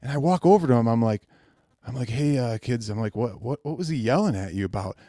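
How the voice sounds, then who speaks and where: A man's voice: medium pitch, fast, no room sound, clean studio sound. A man hosting a casual talk show, telling stories animatedly and acting out quotes. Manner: animated storyteller, acts out quotes. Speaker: podcast host. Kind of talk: casual chat.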